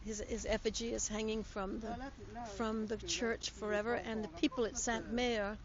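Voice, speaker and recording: An older woman from the United States speaks in a chatty, storytelling way, her voice a little high for a woman. She is recorded outdoors at a public ceremony, and the audio is somewhat dull and lo-fi. A crowd murmurs clearly behind her. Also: level tone, moderate pace. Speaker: interview guest. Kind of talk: casual on-location interview.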